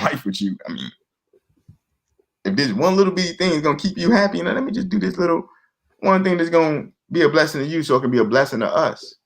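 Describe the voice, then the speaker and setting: A man talking casually as a guest, earnest and repetitive, often restarting his sentences and acting out quoted voices. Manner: acts out quoted voices in a higher pitch. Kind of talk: casual talk.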